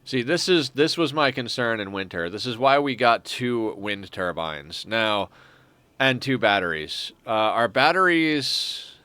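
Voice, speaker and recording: A man's voice: medium pitch, expressive, a little slow, bright, forceful tone, clean tone, no room sound. A man streaming a strategy game, thinking aloud in a rambling, casual way with frequent restarts. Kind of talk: casual gameplay commentary.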